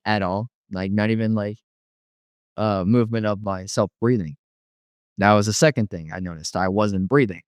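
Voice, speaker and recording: A man's voice: on the low side, a little mellow, no room sound, studio quality. A man casually telling a personal testimony, rambling with many fillers and restarts. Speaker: guest telling a near-death story.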